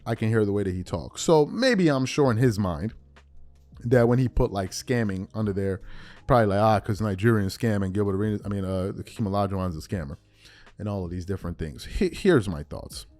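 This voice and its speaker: A male podcast host rants bluntly about sports, mocking as he goes. His pitch swings widely, rising and falling with each point. The sound is dry and close, with faint music underneath. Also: dry recording. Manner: animated, blunt and mocking, with mock-quoted asides. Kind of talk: opinionated commentary.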